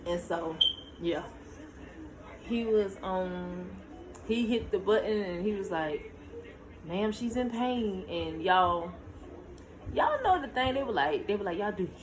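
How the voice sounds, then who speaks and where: A young woman telling her own story to camera in a casual vlog, talking straight to her viewers and jumping high in pitch when she relives tense moments. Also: expressive, measured pace, pauses often, a crowd in the background, poor audio. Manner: talks to viewers directly, shushing her child between lines.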